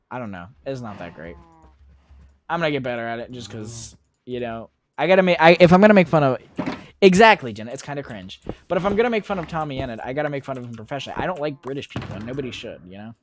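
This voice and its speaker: A young man chatting casually on a gaming stream, rambling and joking as he talks back to his chat. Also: mid-range voice. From United States. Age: young adult. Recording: loud keyboard typing and mouse clicks.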